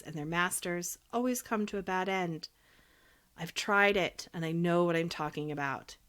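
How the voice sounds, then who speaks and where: A woman voicing a weeping donkey who warns in a low, hushed near-whisper in a storybook reading. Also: close to an everyday voice.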